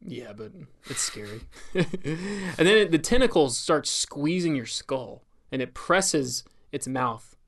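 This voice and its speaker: A man's voice: mid-range voice, big pitch swings, takes it slowly, a bit bright. A man with a mid-range voice co-hosting a podcast. He explains things in a casual, wry way and walks his co-host through the details. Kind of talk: casual chat.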